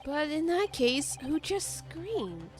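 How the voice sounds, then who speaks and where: A young woman plays through a game on stream, reading the lines aloud in her own voice and cutting in with exasperated, sweary jokes. Her voice sits high and swoops expressively at an unhurried pace. Soft music plays underneath. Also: very animated. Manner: sarcastic, swearing, exasperated asides. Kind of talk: game playthrough with commentary, reading all roles.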